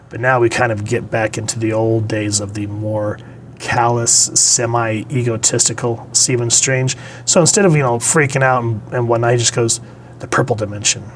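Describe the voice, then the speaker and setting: A man's voice: mid-range voice, slight background noise. A man reviewing comic books in a casual, rambling, conversational way. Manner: rambling, conversational, with many fillers.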